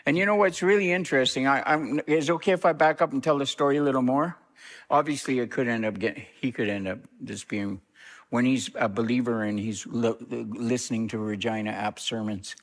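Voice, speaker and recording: A middle-aged reverend, a man, telling a story in an interview, lively and acting out what others said. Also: fairly quick. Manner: animated storyteller, acts out quoted speech with big pitch jumps.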